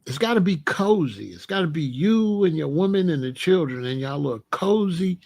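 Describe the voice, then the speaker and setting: Blunt joking man, high voice. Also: lively intonation, normal speed, creaky, darkish tone. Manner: blunt, joking, acts out little scenes. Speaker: host. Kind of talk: casual advice talk.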